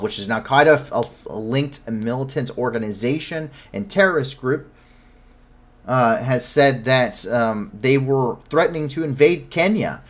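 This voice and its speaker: A man with a medium-pitched voice hosts a live news show, offering commentary full of self-corrections and blunt, incredulous asides.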